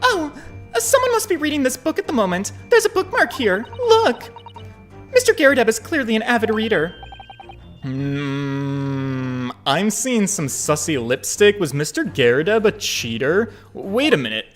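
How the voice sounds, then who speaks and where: A male streamer gives animated, joking let's-play commentary and swears freely. His voice sits high and swoops all over. Faint music plays under the talk. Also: a little slow.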